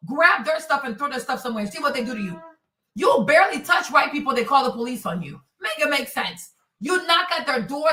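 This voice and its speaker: A woman's voice: high voice, pushed and bright, distant mic. A woman hosting a livestream, ranting in an angry, profane, repetitive way as she answers her chat. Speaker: livestream host. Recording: echoey room, voice off-mic.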